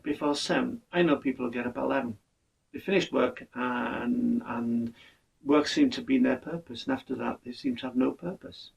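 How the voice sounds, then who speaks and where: An older man, talking in an earnest, measured monologue and often restarting his words. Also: medium pitch, creaky, recorded from a distance, low-quality recording. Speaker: podcast speaker. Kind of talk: reflective monologue.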